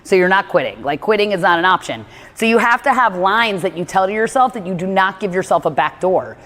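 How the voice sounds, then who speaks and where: A woman who speaks on meditation gives a casual motivational talk, chatty and rambling, leaning heavily on "like" and acting out her own inner dialogue. Her mid-range voice is expressive, a bit bright, and a little fast. The room is reverberant.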